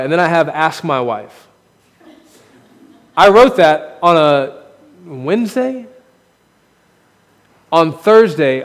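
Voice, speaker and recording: A man preaching from the pulpit, speaking frankly and poking fun at himself as he builds his points. His voice sits a little higher than most men's, and it rings out through a church hall with a long reverb tail. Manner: candid, self-deprecating preaching with rising emphasis. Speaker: pastor. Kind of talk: sermon. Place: church sanctuary. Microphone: podium microphone.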